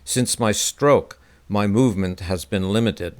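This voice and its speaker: A man's voice: fairly low pitch, unhurried, darkish tone, lightly acted. A man voicing a stern, strong-voiced golf teacher in his eighties with a slight Scottish burr, speaking formally. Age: 80s. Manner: formal, courteous.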